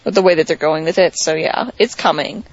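A woman's voice: sits low, brisk, slight background noise. A woman co-hosting a podcast, chatting casually with lots of fillers and wry asides. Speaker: podcast co-host. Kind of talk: casual chat. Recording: dry, slightly dull lo-fi sound.

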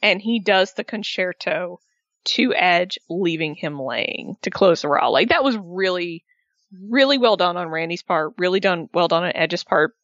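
Animated woman chatting, dull lo-fi sound. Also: lowish voice, unhurried, dry recording. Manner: animated, sarcastic, rising to excited outbursts. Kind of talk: casual wrestling recap chat.

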